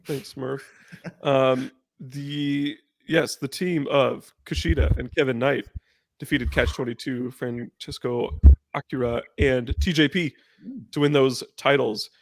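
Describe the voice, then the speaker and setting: A man runs a casual podcast chat, rambling through his points with plenty of fillers and restarts. His voice has a gravelly grain. The sound is dry, with no room around it. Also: medium pitch, steady tone, takes it slowly, dry recording. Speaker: podcast host.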